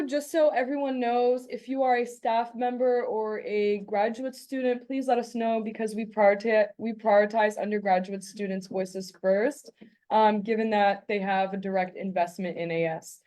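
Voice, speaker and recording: A young woman chairing a student senate meeting, friendly and brisk as she reads out procedures. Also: medium pitch, fairly even intonation, a little mellow.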